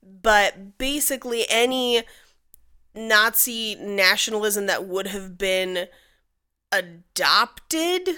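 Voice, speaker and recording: A woman's voice: medium pitch, expressive, slow pace, bright, forceful tone, clear, resonant tone. A woman co-hosting a podcast, telling a history story in casual chat with wry asides. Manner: chatty, laughs often, wry asides. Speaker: podcast co-host.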